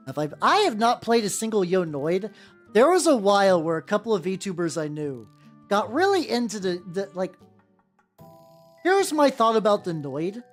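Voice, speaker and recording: Give me a rambling, self-deprecating woman streamer with a lively voice over faint background music. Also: mid-range voice. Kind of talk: casual stream chat while painting miniatures.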